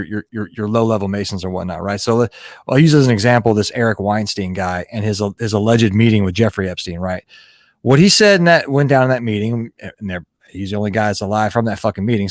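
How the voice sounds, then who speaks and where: A man's voice: on the low side, no echo, studio quality. A man hosting a podcast, talking casually and explaining his point with frequent repeated words and restarts.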